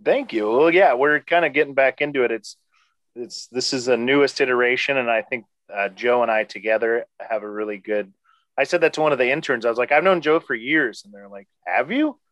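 A man hosting a podcast in casual chat, animated and rambling, often laughing. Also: medium pitch, brisk, no room sound. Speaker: podcast host.

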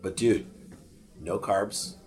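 Low-voiced middle-aged man telling a story. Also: slow pace, soft background music. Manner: animated, swears freely, acts out quotes. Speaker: podcast guest. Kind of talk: casual storytelling.

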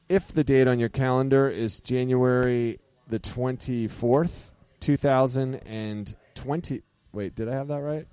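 A man's voice: medium pitch, steady tone, measured pace, few pauses, dark tone, clear, resonant tone, no echo. A man hosting a live radio show, talking casually, rambling and correcting himself, laughing at his own jokes. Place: radio studio. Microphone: studio microphone.

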